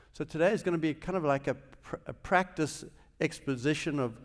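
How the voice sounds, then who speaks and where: South African man telling his story in a hall. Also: medium pitch. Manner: animated storytelling with sudden shifts in loudness. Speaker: guest speaker, business leader. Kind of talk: chapel talk, personal testimony. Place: large auditorium. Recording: long hall reverb.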